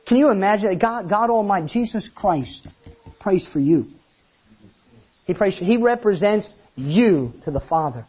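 A man preaching a sermon, animated, acting out the voices he quotes. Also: high-pitched, measured pace, slightly rough, muffled recording.

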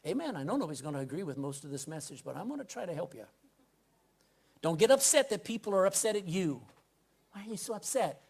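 A man preaching a sermon from the pulpit, reading scripture aloud and putting direct questions to the congregation. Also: high-pitched. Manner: emphatic, swings between loud scripture reading and quiet asides. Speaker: pastor. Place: church pulpit.

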